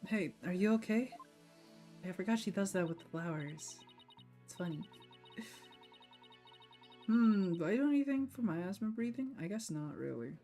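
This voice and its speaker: A woman's voice: on the low side, animated, normal speed, long pauses, dark tone, soft background music. Chatty woman streamer with a sore voice. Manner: chatty, laughs often, self-deprecating. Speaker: streamer playing a game. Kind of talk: casual gameplay commentary.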